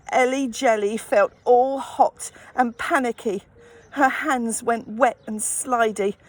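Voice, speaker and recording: A woman reading a children's picture book aloud, gently expressive and adding sympathetic asides. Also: fairly high pitch. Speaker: storyteller.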